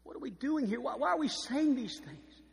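A man's voice: extremely high pitch, expressive, normal speed, creaky, big-room sound, pitched above the performer's own voice, exaggerated voice. A man preaching who voices the Holy Spirit as an urgent inner voice firing off pleading, stammering questions. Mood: alarmed pleading.

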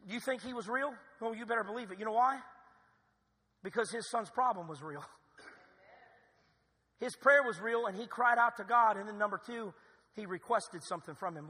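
A male pastor preaching a sermon in a church, building to loud, emphatic cries. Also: high-pitched, normal speed, pauses often, slightly rough, big-room sound. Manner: preaching with rising, shouted emphasis. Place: church sanctuary.

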